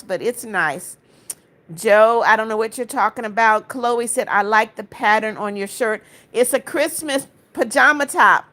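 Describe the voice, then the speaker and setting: A woman's voice: a little high, fairly bright tone. A woman from Florida hosting a casual livestream, reading viewers' comments aloud and answering each with friendly greetings and blessings. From Florida, United States. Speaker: livestream host.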